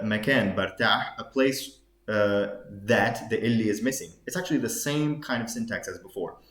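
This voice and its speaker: A man's voice: medium pitch, echoey room. A man explaining Arabic phrases in English during a reading lesson, thinking aloud with many fillers and restarts as he switches between the two languages. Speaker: Arabic dialect teacher.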